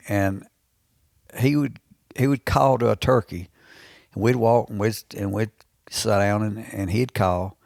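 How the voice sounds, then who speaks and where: Gravelly-voiced Southern man in his sixties. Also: fairly low pitch, no echo, studio quality. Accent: Alabama Southern. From Alabama, USA. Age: 60s. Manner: rambling, repeats and restarts phrases. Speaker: guest, veteran turkey hunter. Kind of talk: casual storytelling in a podcast interview.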